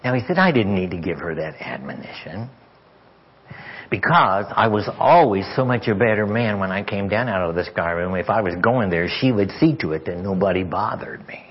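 A man preaching as a guest speaker, telling a story with stammered repeats and sometimes sinking to a hushed whisper. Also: deep voice, expressive, moderate pace, slight background noise. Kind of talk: sermon storytelling. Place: church sanctuary. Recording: dull lo-fi church audio.

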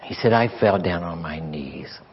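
A man preaching as a guest speaker, telling a story with stammered repeats and sometimes sinking to a hushed whisper. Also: deep voice, animated, moderate pace, vocal fry, slight background noise. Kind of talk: sermon storytelling. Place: church sanctuary. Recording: dull lo-fi church audio.

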